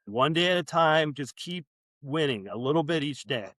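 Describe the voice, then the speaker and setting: A man's voice: fairly high pitch, animated, normal speed, fairly bright tone, no echo, studio quality. A man hosting a podcast, chatting casually and making easygoing, encouraging remarks. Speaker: podcast host. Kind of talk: casual interview chat.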